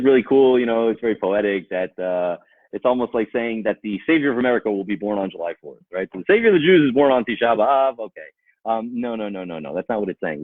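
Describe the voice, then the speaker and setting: A man speaking as a rabbi delivers an animated Torah talk, arguing with imagined objections and building to emphatic peaks. His voice is medium-pitched and slightly rough, and the recording sounds tinny, phone-like and dry.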